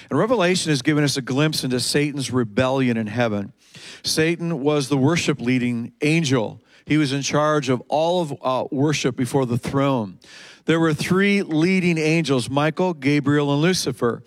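A man preaching a sermon in a church service, emphatic, repeating key words and slowing down for quoted scripture. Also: medium pitch, dry recording. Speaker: pastor.

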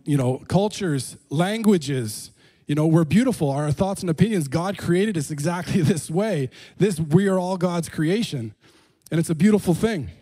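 A man's voice: on the high side, warm tone. A man preaching a sermon to a congregation in a conversational way, full of "you know" and "um" and brief chuckles. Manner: chuckles between points. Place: room with a gathered congregation.

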